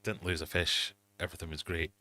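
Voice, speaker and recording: This time the fish-room livestream host sounds low-pitched, brisk, bright and forceful, with little pitch movement. The middle-aged man casually tells rambling, self-deprecating stories with quoted asides from his home, and slight background noise is audible.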